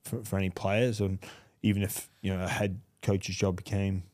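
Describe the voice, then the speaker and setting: A man hosting a podcast, chatting casually and telling stories in an animated way, from England. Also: sits low, moderate pace. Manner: animated storyteller, acts out voices with laughs. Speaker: podcast host. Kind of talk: casual interview chat.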